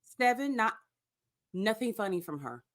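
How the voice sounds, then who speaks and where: A woman's voice: on the high side, sing-song, unhurried, no room sound, clean studio sound. A woman co-hosting a casual podcast, blunt and swearing freely, often laughing. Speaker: podcast co-host. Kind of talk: casual chat.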